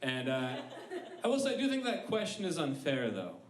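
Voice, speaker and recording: A man's voice: a little high, wildly swooping pitch, normal speed, distant mic, a crowd in the background. A man in his thirties performing a rambling, self-deprecating stand-up set on a comedy club stage. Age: 30s. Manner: rambling, self-deprecating storytelling with act-out voices. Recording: echoey club room with ambient noise.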